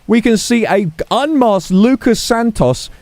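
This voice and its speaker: A man's voice: sits high, lively intonation, a little slow, darkish tone, dry recording. A man playing a police chief in a roleplay, getting flustered and joking about his old age. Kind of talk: in-character roleplay chat.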